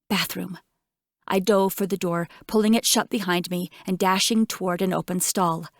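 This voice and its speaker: A woman narrating an audiobook in first person, with measured, tense storytelling. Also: medium pitch, no echo, studio quality.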